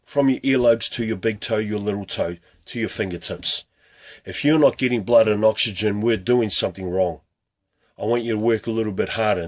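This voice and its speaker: Husky, low-voiced motivational fitness coach man. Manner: fires rhetorical questions, pushy and earnest. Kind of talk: motivational talk to camera.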